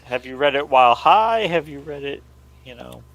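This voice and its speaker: A man's voice: medium pitch, animated, normal speed, gravelly, over a noisy crowd, poor audio. Man tossing in dry quips. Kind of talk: casual panel chat.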